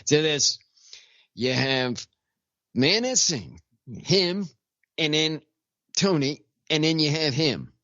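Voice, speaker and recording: A man hosting a casual talk show, rambling and repeating himself, with halting restarts, on dull lo-fi audio. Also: a little high, animated, pushed and bright, no room sound. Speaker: radio show host. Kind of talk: casual chat.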